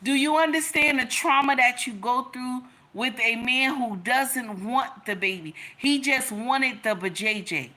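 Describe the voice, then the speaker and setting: Bright-voiced woman telling a story. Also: sits high, measured pace, few pauses. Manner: emphatic, repeats lines, calls listeners y'all and baby. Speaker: relationship advice speaker. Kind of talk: personal storytelling to an audience.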